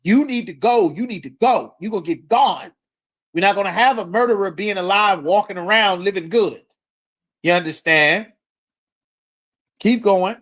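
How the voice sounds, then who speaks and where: High-voiced, blunt male scripture teacher. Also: moderate pace, pauses often. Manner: blunt, forceful preaching with coarse language. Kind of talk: street-corner scripture teaching.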